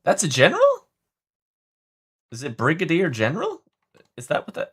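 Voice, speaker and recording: Man, livestream host, casual chat, rambling, restarts often, very animated pitch. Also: moderate pace, slightly rough. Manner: rambling, chatty, stumbles and restarts.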